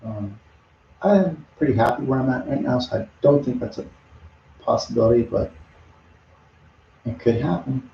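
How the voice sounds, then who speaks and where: A man's voice: mid-range voice, lively intonation, normal speed, vocal fry, pauses often, slight background noise. A middle-aged man chatting casually to viewers while painting on a live stream, rambling from thought to thought. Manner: rambling, chatty, talks to viewers between brushstrokes. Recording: dull lo-fi audio in an echoey room.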